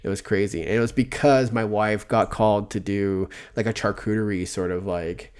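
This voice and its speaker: Guy rambling on a podcast, lots of i-i-i stammers, kinda low voice, pokes fun at himself. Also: fairly even intonation, moderate pace, a little mellow, clean tone. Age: adult, older than before. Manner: rambling, stammering, self-mocking. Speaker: podcast co-host. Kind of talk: casual chat.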